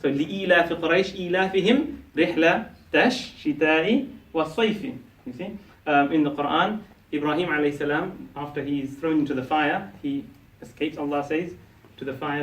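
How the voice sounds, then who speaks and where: Fairly high-voiced man teaching in an echoey room. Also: quick pace, few pauses. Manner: explains, asks the class questions; frequent "yeah?" and restarts. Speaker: Arabic teacher. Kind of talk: classroom teaching talk. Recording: echoey room, mic from a distance.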